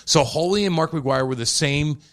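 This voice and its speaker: A young podcast co-host with a St. speaks at a normal speed in a fairly high voice. He tells energetic stories and swears freely in casual chat.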